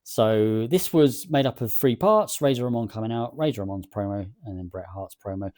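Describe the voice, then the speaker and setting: A man giving relaxed, musing let's play commentary, with fillers and an easy pace. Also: fairly low pitch, normal speed, no room sound, studio quality. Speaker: gaming commentator.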